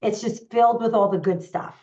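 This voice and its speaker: A woman's voice: fairly high pitch, darkish tone, muffled recording. Upbeat woman hosting a live chat. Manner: upbeat, eager, lists things in quick runs. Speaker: host and parenting coach. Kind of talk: live online conversation.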